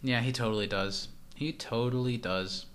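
A man's voice: mid-range voice, normal speed, a bit bright. A man co-hosting a podcast, casually recapping a TV episode scene by scene with dry teasing. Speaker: podcast co-host.

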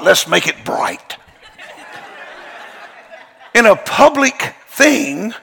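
A man preaching a sermon, telling a story in a folksy, emphatic way with slang, often shouting and laughing his way through it. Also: sits high, creaky, slightly rough. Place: large church hall. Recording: long hall reverb.

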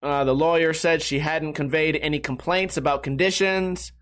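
A man's voice: steady tone, normal speed, a bit bright. A young man hosting a talk show, rambling through a profane, self-mocking casual rant. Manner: rambling, self-mocking, swings between high and low pitch. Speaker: podcast host.

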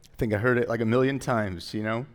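A man's voice: mid-range voice, fairly even intonation, quick pace. A man pastor preaching a sermon in a conversational way, with joking asides that rise into emphatic declarations.

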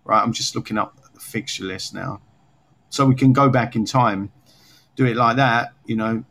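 A man co-hosting an unscripted chat, rambling and gently sarcastic about himself. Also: mid-range voice, moderate pace, vocal fry. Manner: rambling, self-mocking, slightly sarcastic. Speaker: podcast co-host.

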